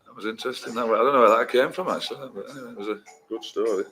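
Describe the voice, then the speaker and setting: A man's voice: medium pitch, rapid-fire, a little hiss or hum, rough recording. A man making wry, mock-formal asides in casual stream banter. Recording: loud music behind the voice.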